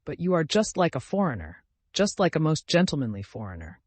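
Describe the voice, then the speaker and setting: A man's voice: a little high, sing-song, brisk, breathy edge, no echo. Smerdyakov, a man reading a sneering young lackey. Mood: disdainful. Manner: curt, disdainful. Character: sneering young male lackey, bitter and conceited.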